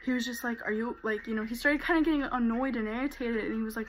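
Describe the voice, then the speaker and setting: A woman's voice: a little high, fairly even intonation, fast, slight background noise, low-quality recording. A young woman vlogger telling a personal story in a casual way, full of fillers. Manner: casual, many fillers like "like" and "you know".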